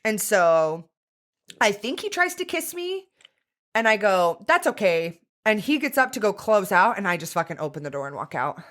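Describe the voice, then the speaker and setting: Young woman, podcast co-host, candid, profane, animated, mid pitch. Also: normal speed. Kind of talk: casual chat, storytelling.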